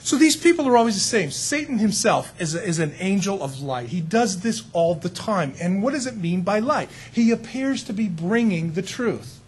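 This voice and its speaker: A man preaching a sermon in a conversational, animated way, full of rhetorical questions. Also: sits high, normal speed, hardly any pauses, a little hiss or hum.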